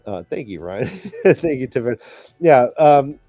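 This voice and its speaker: A middle-aged man co-hosting a podcast, speaking in halting, heartfelt restarts while holding back tears. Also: mid-range voice, big pitch swings, mellow, no echo, soft background music. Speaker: podcast co-host. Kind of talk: casual panel chat.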